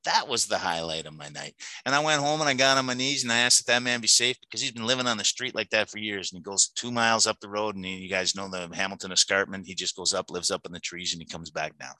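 Middle-aged guy telling his recovery story, emotional, repeats himself a lot, super bright voice, dry close sound. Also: mid-range voice, no room sound, low-quality recording. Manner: earnest, emotional, repeats words and restarts. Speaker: recovery meeting speaker. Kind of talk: personal testimony talk.

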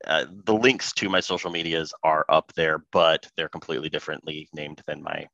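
Deep-voiced joking man on a dull mic. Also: fairly even intonation, a little fast, vocal fry, sharp tone, no room sound. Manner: self-deprecating, joking. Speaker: podcast co-host. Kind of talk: casual podcast chat. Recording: dull, slightly lo-fi dry mic.

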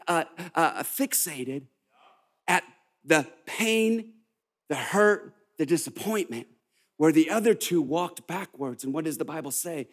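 An American man preaching a sermon to a congregation, building to shouted exhortations and calling for responses. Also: fairly high pitch. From United States. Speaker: pastor. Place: church before a live congregation.

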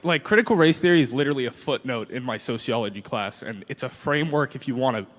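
A man at the audience mic casually interjecting to argue his point. He sits at a middle pitch. His voice carries the long reverb of a big hall. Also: lively intonation, fast, a bit bright. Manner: casual, interjecting, pushes back. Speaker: audience questioner. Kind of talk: audience challenge at a lecture.

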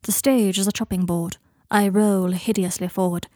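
A woman with a mid-range, slightly mellow, natural voice speaks at normal speed with fairly even intonation. She voices a posh, shy, theatrical young man who is dramatic and wry, recorded dry with clean studio sound.

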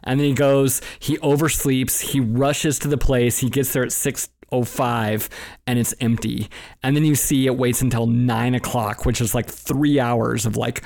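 A man co-hosting a casual film discussion, lively, acting out quoted dialogue and laughing often. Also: medium pitch, moderate pace. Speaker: film podcast co-host.

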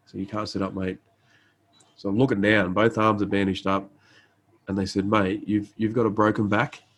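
A man's voice: fairly low pitch, little pitch movement, normal speed, fairly bright tone, slightly rough, poor audio. A man in his thirties, a guest and army medic, telling his story casually with lots of fillers and restarts, acting out the dialogue. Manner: laid-back, frequent fillers and restarts, acts out quoted dialogue. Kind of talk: conversational storytelling.

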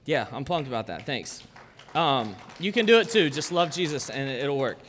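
A man's voice: mid-range voice, big pitch swings, normal speed, fairly bright tone, a little hiss or hum. A man, preaching a casual, conversational sermon full of jokes and chatty asides. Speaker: pastor. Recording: long church-hall reverb.

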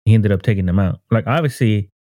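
Man, quick slangy talk, low mellow voice, dry close sound. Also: no room sound. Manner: quick, slangy, says "bro" often. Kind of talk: casual chat about anime and games.

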